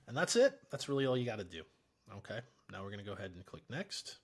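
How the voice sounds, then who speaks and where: A man giving a relaxed, chatty software tutorial, explaining each step in a screen recording. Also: on the low side, fast.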